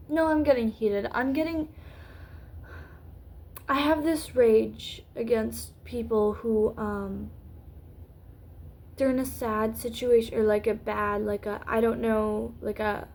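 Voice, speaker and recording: A young woman YouTuber rambling through an unscripted vlog, full of fillers and restarts, her voice going hoarse. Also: a little high, unhurried, dark tone. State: losing her voice.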